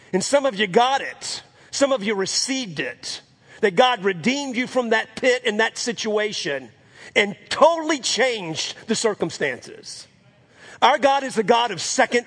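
A man's voice: high voice, a bit bright. A man preaching a sermon as pastor, repeating phrases for emphasis and calling out "Amen?" to the congregation.

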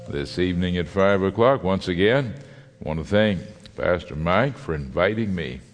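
A man's voice: deep voice, long reverb tail. A man teaching a Bible study as a guest speaker, telling a folksy joke before reading scripture. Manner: folksy storyteller, lively delivery with a joke. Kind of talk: sermon with humorous story.

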